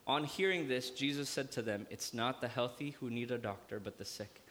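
Pastor, man, lively, joking sermon, hall reverb. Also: mid-range voice, brisk. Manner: lively preaching with jokes and acted-out asides. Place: church hall.

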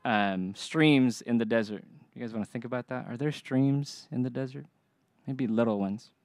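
A man's voice: medium pitch, moderate pace, a little mellow, no echo. Young guy pastor preaching, earnest and punchy, dry close sound. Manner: earnest, emphatic preaching with call-and-response. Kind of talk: sermon.

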